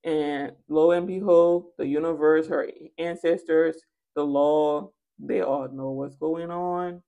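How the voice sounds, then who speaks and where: Tarot reader, female, lower register, chatty and emphatic, repeats lines for stress. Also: fairly even intonation, slow pace, mellow. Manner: casual and chatty. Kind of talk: spoken tarot reading.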